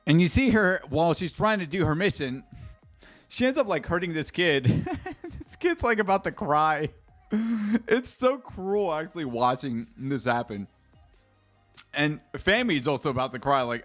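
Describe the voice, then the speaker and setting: A man's voice: a little high, lively intonation, moderate pace, a bit bright, soft background music. A man streaming a casual live reaction, rambling and chatty, swearing freely and talking straight to his chat.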